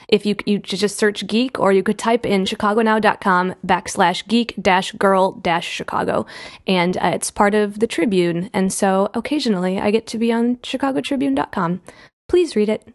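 A woman's voice: mid-range voice, normal speed. Chatty female guest, bubbly energy, mid-range voice. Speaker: podcast guest, blogger. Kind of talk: casual chat.

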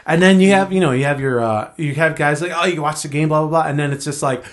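Man, slightly high voice, rambling anecdotal chat. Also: fast. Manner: rambling, animated storyteller. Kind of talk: casual chat.

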